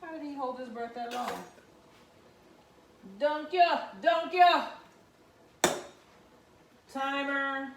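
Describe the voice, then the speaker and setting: A woman chatting her way through a home cooking vlog, rambling and laughing, with loud whoops now and then. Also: high-pitched, takes it slowly, long pauses, reverberant, noisy background. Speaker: home cook and vlogger. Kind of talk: casual cooking vlog chat. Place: home kitchen.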